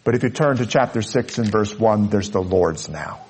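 A man preaching a sermon, earnest, dropping to soft low asides and rising to loud high peaks. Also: lively intonation, moderate pace, breathy edge. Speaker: pastor.

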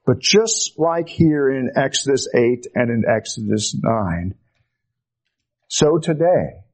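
A man preaching a sermon, slow and emphatic, dropping low and quiet on the key words. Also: animated, breathy edge.

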